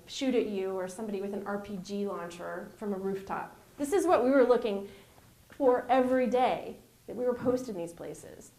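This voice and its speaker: A middle-aged woman in an interview, telling her stories in an animated way and acting out the voices she quotes. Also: mid-range voice. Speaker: former intelligence officer, guest. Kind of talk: interview storytelling. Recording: roomy reverb.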